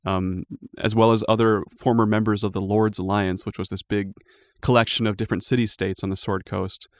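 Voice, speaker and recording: A man running a tabletop game as game master, narrating in a relaxed, loose way with lots of fillers. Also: lowish voice, fairly quick, dry recording, studio quality.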